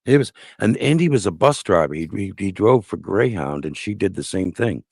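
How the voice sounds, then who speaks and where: A man's voice: low voice, animated, moderate pace, a little mellow, dry recording, clean studio sound. A man telling a personal family story in casual conversation, blunt and profane. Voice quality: gravelly. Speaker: guest telling his life story.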